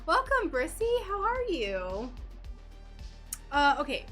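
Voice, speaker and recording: Bubbly woman craft streamer, high voice, unhurried delivery, soft music behind. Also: wildly swooping pitch. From United States. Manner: bubbly and chatty, greets viewers warmly by name. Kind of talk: casual live-stream chat while painting glass.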